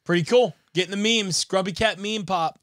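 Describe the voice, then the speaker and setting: Teasing man with a slightly higher voice. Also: fairly bright tone, no room sound, studio quality. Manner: teasing, blunt, quick to laugh. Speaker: podcast co-host. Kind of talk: casual chat.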